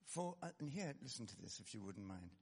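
A man preaching a sermon in an animated, conversational way, with self-deprecating asides. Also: lowish voice, fast talker, vocal fry, slightly rough, big-room sound.

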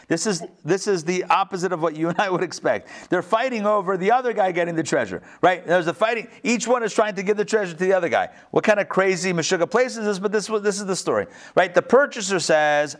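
Animated man teaching a Talmud class. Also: moderate pace. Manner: animated, repeats phrases for emphasis, rhetorical questions; acts out story quotes in varied pitch. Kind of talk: online Talmud lesson.

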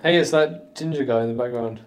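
A man co-hosting a casual podcast while watching a show, excitable and quick to laugh. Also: medium pitch. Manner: excitable, laughing, jumps into quoted impressions. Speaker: podcast co-host.

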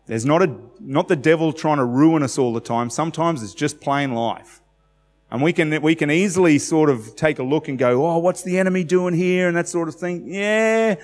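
Male pastor, 40s, Australian accent, conversational sermon delivery, recorded in a reverberant hall. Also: a little high. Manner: conversational, asks the congregation questions.

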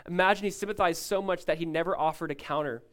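Emphatic higher-voiced male pastor. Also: fast, smooth. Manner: emphatic preaching, swings between loud and hushed; asks the congregation to follow along. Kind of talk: sermon.

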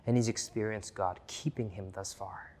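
A man preaching a sermon as pastor, earnest and repetitive, dropping to a hush and then rising loud again. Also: lowish voice, fairly even intonation, moderate pace, a little hiss or hum. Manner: earnest, repeats key phrases, swings from hushed to loud. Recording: long reverb of a large hall.

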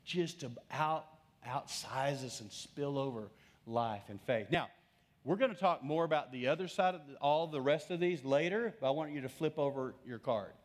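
A middle-aged man preaching a sermon as pastor, conversational, swinging from loud emphasis to hushed, slowed lines. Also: a little high.

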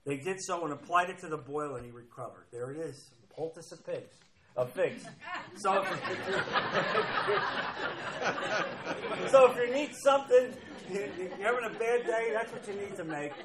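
A man's voice: sits high, animated, unhurried, crowd noise, low-quality recording. A man preaching a sermon, emphatic and repeating key phrases as he reads scripture aloud. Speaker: pastor.

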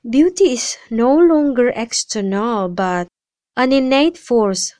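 Female reader, slightly high voice, slow earnest delivery, dry close sound. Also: animated, darkish tone, dry recording. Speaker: contributor reading her apology. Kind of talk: reading a personal statement.

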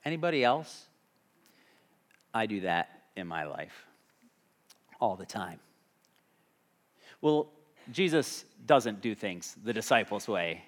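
A man's voice: lowish voice, sing-song, unhurried, pauses often. A man preaching a sermon as a pastor, talking conversationally and asking the congregation questions.

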